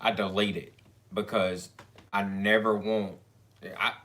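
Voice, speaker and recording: A man's voice: on the low side, little pitch movement, slow, fairly bright tone. A man chatting casually on a livestream, telling easygoing stories.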